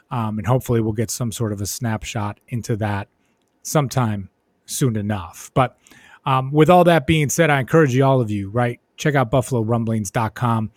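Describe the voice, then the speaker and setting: A man hosting a sports podcast, his voice a little hoarse as it starts to give out. He talks loosely and conversationally, leaning on "you know" and "right?". The sound is dry and close on the mic. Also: medium pitch, no room sound. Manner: conversational, many fillers and tag questions. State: slightly hoarse, losing his voice. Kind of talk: casual spoken commentary.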